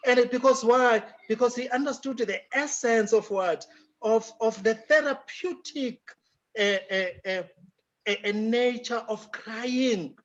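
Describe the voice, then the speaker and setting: A man's voice: very high voice, a little slow, highs cut off. A South African man giving an emphatic lecture answer, mixing in Zulu phrases as he speaks. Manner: emphatic, mixes in Zulu phrases, laughs often. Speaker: guest speaker.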